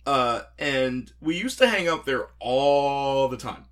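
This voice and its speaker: A man, telling stories in a casual chat, animated and laughing as he acts out quotes. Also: medium pitch, takes it slowly.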